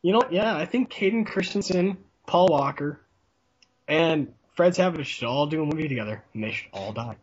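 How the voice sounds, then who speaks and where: A husky man with a fairly high, lively voice, trading jokes and mockery in loose conversation. The sound is dull and lo-fi. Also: normal speed. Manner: joking, mocking, does whiny impressions. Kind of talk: casual chat.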